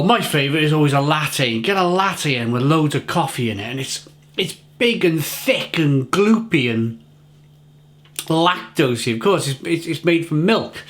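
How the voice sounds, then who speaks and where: A man's voice: on the high side, fairly bright tone. A middle-aged man giving a casual, enthusiastic beer tasting review, often repeating and restarting his words.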